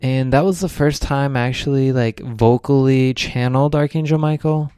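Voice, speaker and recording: A man's voice: medium pitch, steady tone, normal speed, dark tone, smooth, no room sound, clean studio sound. A young man, a podcast co-host, telling a rambling spiritual story in casual chat, full of "like"s.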